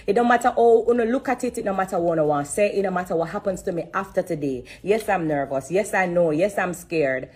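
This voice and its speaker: A woman giving an emotional testimony on a live stream, religious and repetitive, pausing to breathe and fight back tears. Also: on the low side, a little mellow, husky. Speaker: live streamer sharing her story.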